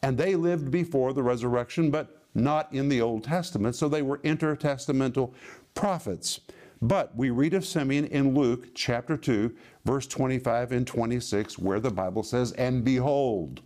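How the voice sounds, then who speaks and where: A man preaching a teaching sermon, reading scripture slowly and stressing words with emphasis. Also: mid-range voice, darkish tone. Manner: slow emphatic Bible reading, stretched words.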